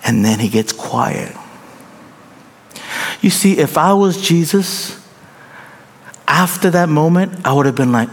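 A man preaching a sermon as a pastor, animated and humorous, acting out the voices of the people he quotes. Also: on the high side, slow, pauses often. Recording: long reverb in a large hall.

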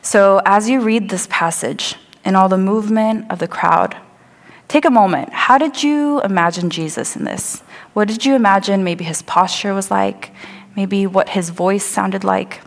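A woman's voice: medium pitch, a little slow, creaky. A woman preaching a sermon, telling the scripture scene vividly and acting out the voices of the crowd. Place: church sanctuary. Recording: long hall reverb.

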